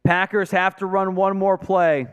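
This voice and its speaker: A man hosting a live fan stream calls plays and vents at his team, reading viewer messages aloud and swearing often. His high voice stays fairly flat in pitch, with a measured pace and a fairly bright, clear, resonant tone. Soft background music sits underneath this live play-by-play and fan commentary.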